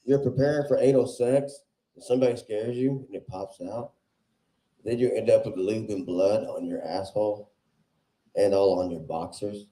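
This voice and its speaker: A man doing a crude stand-up set on a club stage, loud and laughing at his own jokes. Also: on the low side, normal speed. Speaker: stand-up comedian. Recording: roomy club echo.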